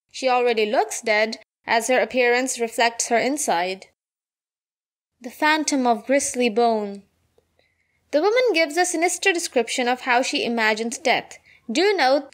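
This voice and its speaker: A woman reading out an analysis of a poem, slowing down for the quoted lines. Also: high-pitched. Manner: reads quoted lines slower and softer. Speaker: poetry analysis narrator. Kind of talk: read-aloud literary analysis.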